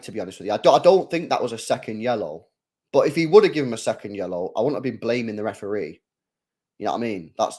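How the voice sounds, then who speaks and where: Slangy young man reacting to football. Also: husky. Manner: slangy, swings from low mumbling to loud swearing outbursts. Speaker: football watchalong streamer. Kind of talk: live match reaction commentary.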